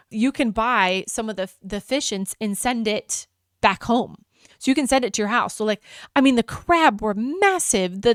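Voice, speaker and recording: A woman's voice: on the high side, clear, resonant tone, no room sound, clean studio sound. A woman vlogger chatting casually and enthusiastically about a trip, rambling with restarts. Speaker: travel vlogger. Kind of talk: casual travel chat.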